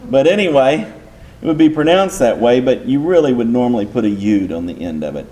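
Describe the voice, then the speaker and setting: A man with a mellow, darker voice leads a class as a Bible teacher. He walks through each point patiently, step by step, and often stops to put a question to his listeners. His pitch sits in the middle range for a man. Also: very animated, fairly quick. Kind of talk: teaching lecture.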